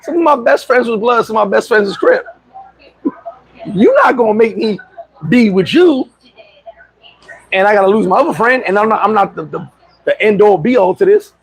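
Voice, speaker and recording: A middle-aged man telling a story casually on a livestream, boastful and animated, laughing and swearing often. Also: high-pitched, moderate pace, gravelly, long pauses, husky, dry recording, poor audio. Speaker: vlogger.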